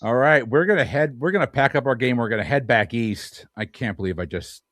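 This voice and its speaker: A man hosting a podcast, introducing guests in a relaxed, self-deprecating way. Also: mid-range voice, fairly quick, no room sound. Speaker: podcast host. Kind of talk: casual chat.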